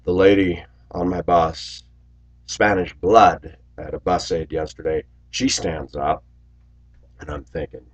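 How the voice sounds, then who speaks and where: A man in his forties telling stories in a rambling monologue to his viewers, raising his voice loudly when he acts out what people said. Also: deep voice, fairly even intonation, unhurried. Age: 40s. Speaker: video blogger. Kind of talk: casual monologue to camera.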